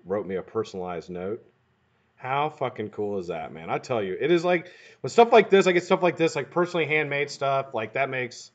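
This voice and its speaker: A man hosting a live stream in casual chat, greeting viewers by name and swearing freely, his voice sounding a bit hoarse. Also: medium pitch, animated, fairly quick, dull audio. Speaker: livestream host.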